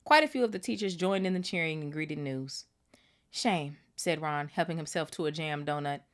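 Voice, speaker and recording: A woman hosting a book club podcast, reading a novel aloud with animated, swearing asides. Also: deep voice, brisk. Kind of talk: casual read-aloud with commentary.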